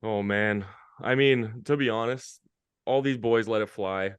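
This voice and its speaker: Guest, male, low-ish smooth voice, dry close sound, upbeat slangy storyteller. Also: unhurried, dry recording. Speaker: guest, hockey media interviewer. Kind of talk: casual podcast chat.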